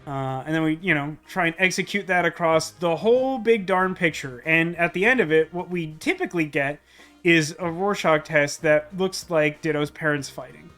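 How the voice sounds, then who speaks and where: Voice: mid-range voice, moderate pace, fairly bright tone, faint music behind. A streamer chatting casually and self-deprecatingly while playing a puzzle game, with many fillers. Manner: rambling, self-deprecating, lots of "like". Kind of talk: casual let's-play commentary.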